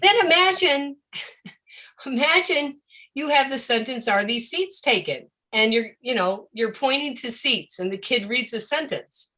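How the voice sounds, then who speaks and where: Bright, animated woman lecturing. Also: sits high, a little slow. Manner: animated, acts out a confused child's voice. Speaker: educator of deaf students. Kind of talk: live-streamed presentation.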